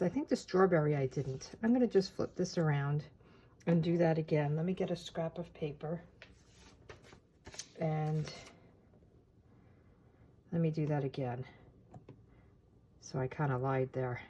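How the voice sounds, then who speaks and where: A woman giving a casual, chatty step-by-step craft tutorial, talking as she works with her hands and often pausing on filler words. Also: low-pitched, warm tone, slight background noise. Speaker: papercraft demonstrator.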